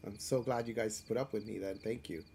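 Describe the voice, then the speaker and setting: A man's voice: fairly low pitch, steady tone, brisk, creaky, mellow, a little hiss or hum. A man streaming a role-playing game live, talking in a rambling, self-deprecating way with frequent restarts and filler words. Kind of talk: casual live gameplay commentary.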